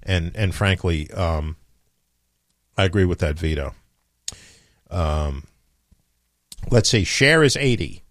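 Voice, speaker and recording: A man's voice: deep voice, lively intonation, slow, long pauses, fairly bright tone, no room sound, studio quality. A man hosting a morning radio show, chatting offhand and rambling with lots of fillers and restarts. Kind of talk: casual morning radio chat.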